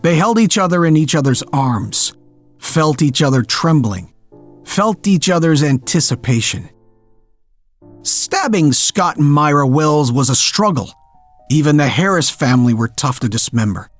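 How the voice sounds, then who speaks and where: A man narrating a scripted horror story in a measured, darkly dramatic way. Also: a little high, animated, faint music behind.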